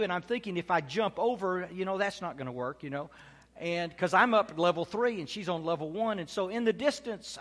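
Man, middle-aged pastor, high voice, sermon storytelling, long church reverb. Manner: storytelling, rising to loud exclamations. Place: church sanctuary.

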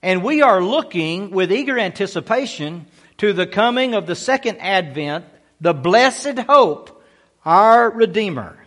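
A man's voice: high voice, animated, normal speed, fairly bright tone. A man preaching a sermon as pastor, emphatic and repeating key phrases.

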